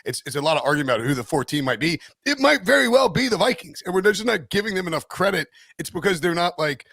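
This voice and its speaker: A man's voice: high-pitched, very animated, quick pace, vocal fry, a bit bright, no room sound, studio quality. A man co-hosting a casual football betting podcast, rambling and joking with many restarts and fillers. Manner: rambling, lots of restarts and "like", jokey. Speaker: podcast co-host, NFL betting analyst. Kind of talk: casual sports betting chat.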